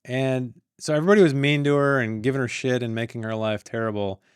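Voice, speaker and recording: A man's voice: medium pitch, fairly even intonation, fast, clean tone, no echo, clean studio sound. A man hosting a read-along, reading a book aloud and breaking off into rambling, joking asides, often stumbling over words. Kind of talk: casual read-along with commentary.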